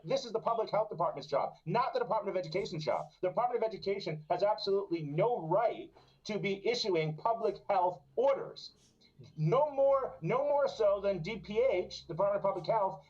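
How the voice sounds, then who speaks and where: A high-pitched man rants with indignant emphasis on a live stream. The sound is dull and lo-fi, like a muffled call. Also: darkish tone. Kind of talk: heated live-stream talk. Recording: dull lo-fi audio.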